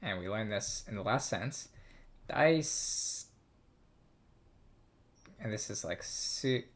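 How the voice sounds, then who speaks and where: A man's voice: fairly low pitch, lively intonation, slow pace. A man casually reading through a text, thinking aloud in a hesitant, self-amused way. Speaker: language learner reading a game aloud.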